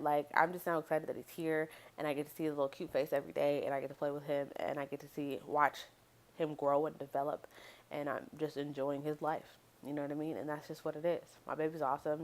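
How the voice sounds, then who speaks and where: A young woman with a low voice talks casually to her viewers. She rambles, speaks bluntly and swears without a second thought, as in a home vlog. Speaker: mom vlogger.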